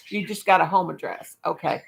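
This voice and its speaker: With a medium pitch, a touch of brightness, and vocal fry, a woman vlogs live in a folksy, talkative manner. Every so often she breaks off into baby talk for her dog.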